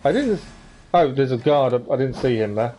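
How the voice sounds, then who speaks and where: A man streaming a game, musing aloud in casual commentary. His voice is mellow and mid-pitched, with faint noise in the background. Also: very animated, fairly quick.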